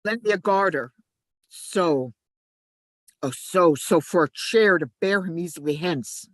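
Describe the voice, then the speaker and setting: A woman's voice: lively intonation, a little slow, dry recording. A woman reading a sly, scheming male ensign. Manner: shifts between urgent shouts and low asides. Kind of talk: amateur play reading.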